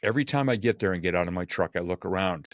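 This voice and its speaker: A man, a keynote speaker, telling lively stories in a podcast conversation and acting out the quotes. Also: low-pitched, racing, no echo, clean studio sound. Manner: animated, acts out quotes and jokes.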